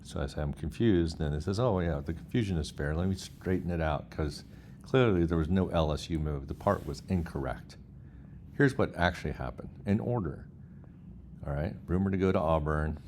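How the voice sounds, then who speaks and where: A man's voice: low-pitched, normal speed, a little mellow, a little hiss or hum. A man hosting a casual vlog, reading chatbot replies aloud with incredulous asides. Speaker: host.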